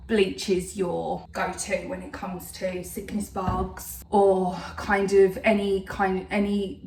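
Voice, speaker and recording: A woman's voice: medium pitch, a little hiss or hum. A woman in her thirties chatting casually to camera in a rambling way, full of fillers. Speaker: vlogger. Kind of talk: casual chat. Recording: roomy sound, voice a bit distant.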